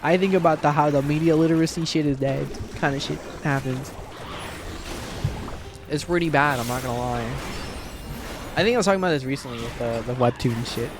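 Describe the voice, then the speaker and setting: A sarcastic male streamer rants casually, swearing freely and slipping into mocking voices for the people he quotes. His voice sits a bit high, and faint music plays behind him. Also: a little fast, long pauses. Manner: ranting, sarcastic, swears often.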